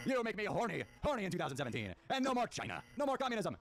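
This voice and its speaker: A young man playing a video game, reading its text aloud in casual, jokey commentary with sudden loud outbursts over game music. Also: high-pitched, huge pitch swings, very fast, few pauses.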